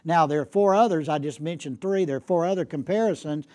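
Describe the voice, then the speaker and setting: A man's voice: a little high, quick pace, darkish tone. A man giving an academic lecture as a guest speaker, emphatic and repeating key points for effect. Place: lecture hall.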